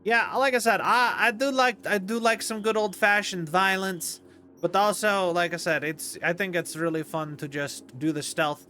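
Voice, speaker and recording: A man's voice: high-pitched, steady tone, moderate pace, bright, forceful tone. A young man streaming a game, chatting casually and rambling with many fillers and restarts. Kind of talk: casual gameplay commentary.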